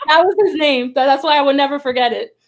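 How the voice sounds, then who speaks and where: A woman's voice: sits high, fairly quick, noisy background. A woman hosting a talk show, telling a personal story in a chatty way, full of fillers, and acting out the quoted voices. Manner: chatty, heavy on 'like' and 'you know'. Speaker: show host and psychic medium. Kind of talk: casual storytelling chat.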